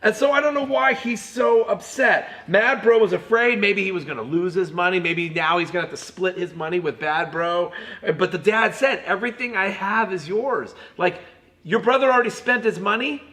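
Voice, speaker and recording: A man teaching a children's Bible lesson in an animated way, often calling the kids "you guys". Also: high voice, normal speed.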